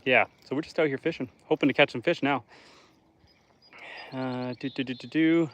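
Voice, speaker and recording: A man's voice: mid-range voice, fairly even intonation, moderate pace, fairly bright tone, muffled recording. Casting note: laid-back male homesteader from northern Canada, live-streaming by a lake, chatty and joking with viewers. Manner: chatty, joking, talks to chat while fishing. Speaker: homesteader and livestreamer. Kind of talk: casual live stream chat. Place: outdoors by a lake.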